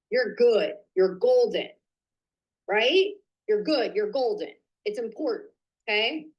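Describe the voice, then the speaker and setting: A woman hosting a live online business training, chatty and excitable, talking to viewers and muttering to herself while she fixes her slides. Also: fairly high pitch, husky, poor audio. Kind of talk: casual live-stream coaching.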